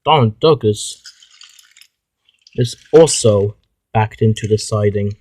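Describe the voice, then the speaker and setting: A man narrating a homemade toy-train story, halting with frequent restarts. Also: fairly low pitch, warm tone, low-quality recording.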